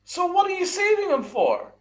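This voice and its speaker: Man angry sports podcast host, repeats and swears, big pitch swings. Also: huge pitch swings, normal speed. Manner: ranting, repeats himself, swears, asks rhetorical questions. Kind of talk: angry sports rant with live chat.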